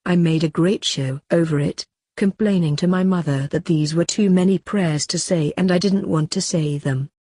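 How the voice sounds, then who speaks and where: A woman narrating a saint's autobiography as an audiobook, in a calm, earnest and measured reading. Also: lowish voice, no echo, clean studio sound.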